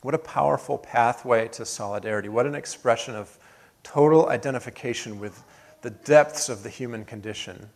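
A man preaching a sermon as pastor, earnest, building to emphatic peaks and then dropping soft. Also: mid-range voice, a little fast. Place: church sanctuary.

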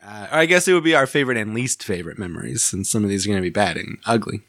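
A man's voice: on the low side, rapid-fire, a bit bright, no echo, clean studio sound. A man co-hosting a podcast, talking in a loose, rambling way and laughing at his own stories. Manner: laughs often, rambling and self-amused. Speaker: podcast co-host. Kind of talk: casual podcast chat.

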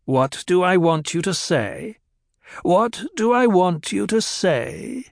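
Snappish old lady sneering at a pupil, a guy doing her voice, high and gravelly, dry sound. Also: lively intonation, unhurried, dry recording, exaggerated voice. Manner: sneering, cruel mimicry. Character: old woman, stern snappish mentor. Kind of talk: audiobook character reading.

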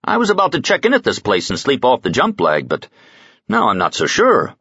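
Sly, probing bodyguard, voiced by a male reader, lively, husky, dull audio. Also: medium pitch, fairly quick, no room sound, voice pushed up, full character voice. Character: big, shrewd male bodyguard feigning innocence.

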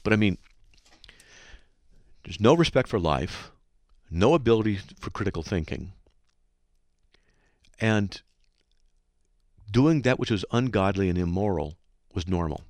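A man hosts a Christian call-in radio show with a deep, low voice. His pitch rises and falls a lot as he recounts things earnestly and exhorts his listeners. The sound is close and dry. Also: expressive, unhurried, long pauses, darkish tone, no echo.

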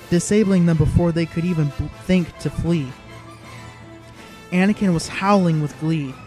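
A man's voice: a little high, a little mellow. A man giving dramatic, vivid scripted narration of an audiobook.

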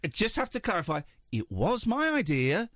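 A man's voice: sits high, wildly swooping pitch, normal speed, a bit bright, dry recording, clean studio sound. A middle-aged man from Britain hosting late-night radio, talking in a sarcastic, mock-gushing way. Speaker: radio host. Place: radio studio. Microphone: studio microphone.

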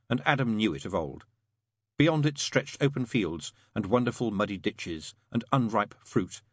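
A middle-aged man narrates an audiobook, reading the story in an expressive, playful way. His voice is fairly low and slightly rough, recorded cleanly in a studio with no echo.

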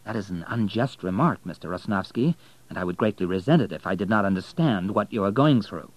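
A man reading an audiobook, voicing a young male banker with a measured, formal, controlled delivery. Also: on the low side, animated, low-quality recording.

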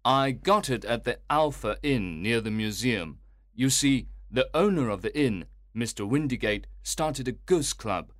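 A man voicing a polite, relieved middle-aged gentleman, eager and courteous, in a storybook reading. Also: mid-range voice, lively intonation, a little slow, dry recording, clean studio sound, natural voice.

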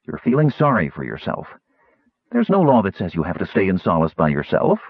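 A man's voice: sits low, huge pitch swings, fairly quick, husky, dry recording, full character voice. A man voicing a bold young woman who teases her friends with gleeful mockery. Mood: teasing. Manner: mocking, gleeful teasing. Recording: tinny phone-like audiobook recording.

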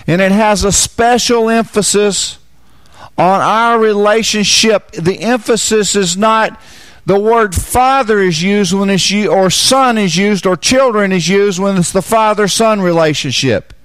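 High-voiced man teaching a sermon. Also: a little slow, a bit bright, clear, resonant tone, dry recording. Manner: repeats key phrases, asks the listeners questions. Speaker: preacher.

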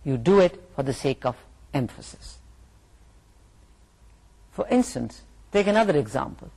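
A middle-aged woman with a Pakistani English accent giving a university English lecture, slow and deliberate, repeating and rephrasing her points. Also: low-pitched, sing-song, vocal fry, dark tone, slightly rough. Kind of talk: recorded lecture.

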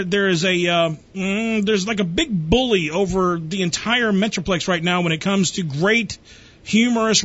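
A man's voice: high-pitched, fairly bright tone. A man hosting a radio show, brash and joking in loose, crude banter. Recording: muffled lo-fi recording.

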